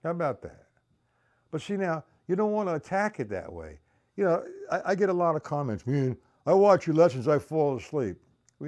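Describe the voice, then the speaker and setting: A man's voice: mid-range voice, a little mellow. A man giving a live-streamed drum lesson, counting beats aloud, blunt and repetitive, often checking that viewers understand. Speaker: drum teacher.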